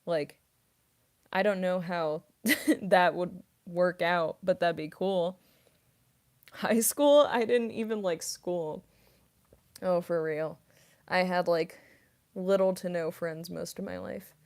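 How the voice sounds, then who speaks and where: Streamer, woman, mid-twenties, low-ish voice, unhurried, chatty with filler words. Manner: soft-spoken, rambling with many fillers and giggles. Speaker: voice actress streamer. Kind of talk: casual livestream chat reading comments.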